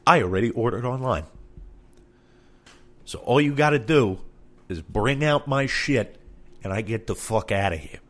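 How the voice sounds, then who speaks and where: A man's voice: mid-range voice, animated, unhurried, long pauses. A man doing a comedic storytelling monologue, exasperated and profane, acting out both sides of the conversations he recounts.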